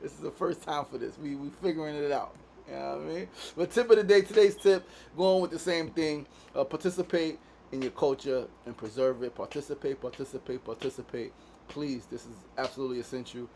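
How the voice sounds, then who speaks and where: A man's voice: a little high, brisk, vocal fry, a little mellow, a little hiss or hum. A man from Queens, hosting a casual daily show in a studio. He talks in a laid-back way, swears freely and keeps tagging his sentences with "right?". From Queens, New York. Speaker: podcast host.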